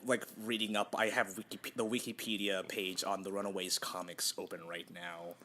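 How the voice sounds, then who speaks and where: This is a young man co-hosting a relaxed podcast conversation. His voice sits on the lower side. He rambles cheerfully, pokes fun at himself and laughs often. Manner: chatty and self-deprecating, quick to laugh. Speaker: podcast co-host. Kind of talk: casual chat.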